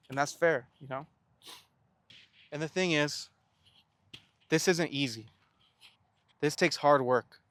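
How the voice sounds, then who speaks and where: A man's voice: on the high side, no echo. Earnest young man, dry close sound. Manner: earnest, asks rhetorical questions and answers them; stammers and restarts words. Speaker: self-help vlogger. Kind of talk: reflective motivational monologue.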